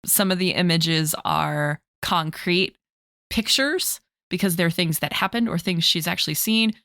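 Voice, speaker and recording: A woman's voice: lowish voice, unhurried, dry recording, studio quality. A woman player chatting about a tabletop game, telling stories with lots of laughter. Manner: chatty, laughs often, animated storytelling. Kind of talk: casual podcast chat about a game.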